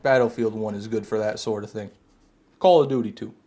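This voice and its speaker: A man's voice: on the low side, fairly even intonation, fairly quick, dark tone. A man streaming a game live, chatting casually with viewers and answering their comments, sometimes with sarcastic jabs.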